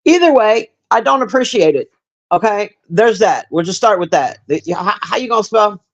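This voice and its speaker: A woman's voice: mid-range voice, animated, moderate pace, muffled recording. Woman, livestream movie review, blunt, swears a lot, rambling, talks to chat. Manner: chats with live viewers.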